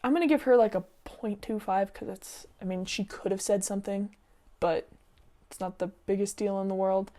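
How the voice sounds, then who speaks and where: A woman's voice: mid-range voice, normal speed. Chatty young woman reading and reacting. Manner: chatty and opinionated, with frequent "like" and "um"; easily sidetracked and expressive. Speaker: YouTuber reading and reacting to online stories. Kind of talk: casual reading and commentary.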